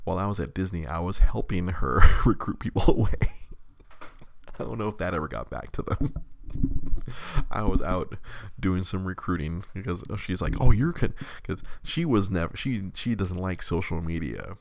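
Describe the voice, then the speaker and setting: A deep-voiced man with a gravelly rasp tells stories in a relaxed, chatty way, breaking into laughter and slipping into quoted voices. He often restarts and repeats words as he gets going. The sound is close and dry, with no room around it. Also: moderate pace, dry recording. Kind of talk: casual storytelling chat.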